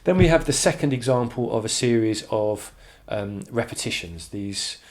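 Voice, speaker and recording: A man's voice: medium pitch, lively intonation, moderate pace. A man teaching a poetry analysis lesson, thinking aloud with many restarts and reading quoted lines with emphasis.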